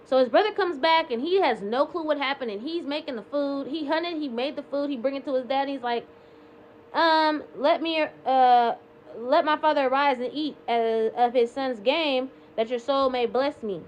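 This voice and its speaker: A woman's voice: high voice, normal speed. A woman casually retelling scripture passages in her own words, with lots of "like" and "um", slipping between quoting and paraphrasing. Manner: chatty paraphrase with frequent "like" and "um". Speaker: Bible reading vlogger.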